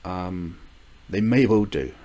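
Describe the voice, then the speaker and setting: A man's voice: low-pitched, slow, mellow. An older man from the UK rambling casually through a gardening vlog, with frequent fillers, restarts and small chuckles. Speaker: gardening vlogger.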